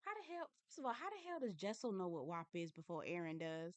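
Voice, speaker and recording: A woman's voice: lowish voice, big pitch swings, fast, no echo. A woman recapping a reality show in a casual, candid and chatty way, swearing now and then.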